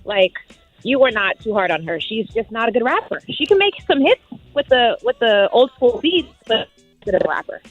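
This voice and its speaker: A woman's voice: a little high, lively intonation, normal speed, faint music behind. A woman calling into a radio show, frank and opinionated. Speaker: caller. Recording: dull phone line.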